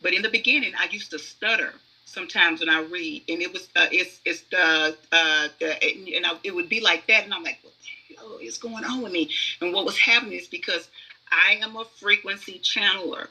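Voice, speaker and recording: A woman's voice: lowish voice, a little fast, sharp tone, breathy edge, low-quality recording. A woman who is a guest oracle reader, telling stories in conversational podcast talk, emphatic and acting out the inner voices she describes.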